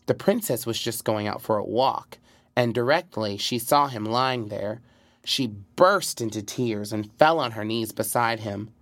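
A man narrating a fairy tale in a measured, expressive storybook reading. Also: lowish voice, dry recording.

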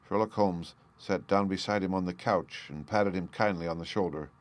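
A man reading a classic story aloud as narrator, steady and unhurried. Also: sits low, no echo. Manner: steady, unhurried, slows on key phrases. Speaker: audiobook reader.

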